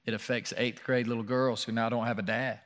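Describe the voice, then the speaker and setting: Male pastor, mid-pitched, earnest sermon delivery that climbs on scripture and softens on stories. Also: flat delivery, fairly quick. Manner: earnest preaching, rising and louder when reading scripture, hushed in personal stories. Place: church room.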